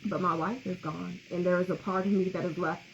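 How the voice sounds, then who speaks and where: A woman co-hosts a podcast about grief, speaking candidly and emotionally, laughing often and reading comments aloud. Her lowish, gravelly voice holds a steady tone at a slightly fast pace. The audio is a little muffled, with faint background noise.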